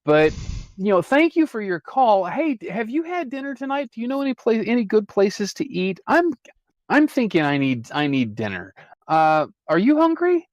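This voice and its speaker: A man's voice: high-pitched, sing-song, moderate pace, dry recording, pitched above the performer's own voice. A man playing a flustered young man who takes a phone call, stammering and apologetic.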